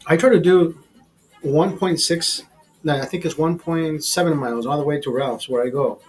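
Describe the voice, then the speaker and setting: A husky-voiced man rambles casually to his livestream viewers, swearing freely as he goes. His pitch sits at an ordinary middle level, and faint music plays behind him. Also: steady tone, normal speed, rough recording. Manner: profane, rambling, chatty. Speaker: livestream host.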